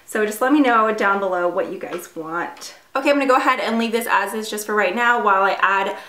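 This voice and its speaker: A woman's voice: mid-range voice, a little fast, bright, forceful tone. Young woman rambling thru her makeup routine, lots of ums and likes, roomy echo on the mic. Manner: chatty, filler-heavy, self-deprecating. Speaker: beauty vlogger. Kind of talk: casual makeup tutorial chat. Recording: echoey room.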